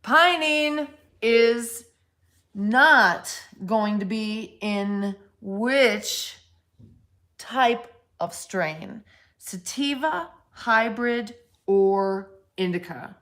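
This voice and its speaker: Woman, livestream host; unhurried, frank and foul-mouthed, teasing chat with "honey" and "babe". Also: a little high, lively intonation, a bit bright. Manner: blunt, profane and frank; teasing, affectionate pet names. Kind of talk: casual chat with viewers.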